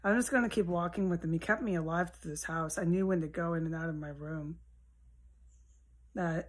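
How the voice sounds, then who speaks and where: A woman rambling alone at home in a solo monologue, swearing often and drifting between low mutters and heated outbursts. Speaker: vlogger. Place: at home, indoors with a window open.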